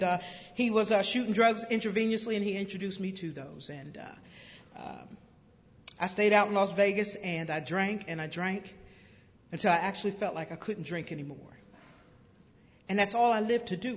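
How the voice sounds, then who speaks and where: A woman from South Carolina telling her recovery story to a crowd, a lively storyteller who acts out voices with humor. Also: mid-range voice. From Greenville, South Carolina. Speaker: recovery speaker. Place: large convention hall. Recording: dull lo-fi convention hall recording with long reverb.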